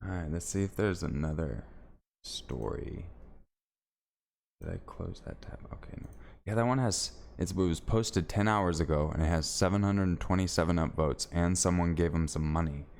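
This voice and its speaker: A man's voice: low-pitched, normal speed, creaky, a little mellow. A man streaming live, chatting casually with viewers and reading stories aloud in a laid-back, rambling way.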